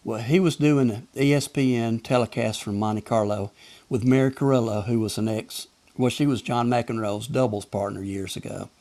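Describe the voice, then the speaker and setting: A man's voice: mid-range voice, moderate pace, a little mellow. An older man with a Southern Alabama accent, a former tennis umpire telling chuckling, folksy anecdotes in casual conversation. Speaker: retired tennis umpire guest. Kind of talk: casual storytelling.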